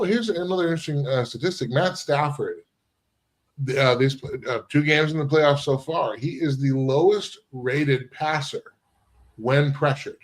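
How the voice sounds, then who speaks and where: A man hosting a casual sports talk show, quoting statistics and putting questions to his co-host. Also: mid-range voice. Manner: asks questions, cites stats from notes.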